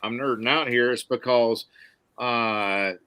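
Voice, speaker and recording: A man from Mississippi with a Southern accent, hosting a podcast in casual, folksy, excitable chat. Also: medium pitch, slow, clear, resonant tone, no room sound. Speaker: podcast host.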